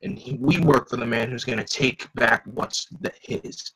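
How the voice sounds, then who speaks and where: A man voicing a cocky young male masked antihero in a comic read aloud, with a slow, taunting delivery. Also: medium pitch, a bit bright, husky, poor audio.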